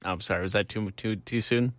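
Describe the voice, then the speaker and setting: A man's voice: lowish voice, fairly even intonation, fairly quick, fairly bright tone, no echo. A man co-hosting talk radio, teasing and jokey in casual banter. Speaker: radio co-host.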